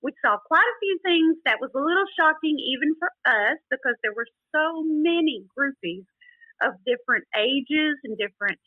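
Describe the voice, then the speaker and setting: A woman's voice: high voice, lively intonation, normal speed, no echo, narrow, tinny audio. A woman from Texas, a book author and podcast guest, telling backstage stories in a chatty way with frequent laughs and many "you know"s. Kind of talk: casual storytelling interview.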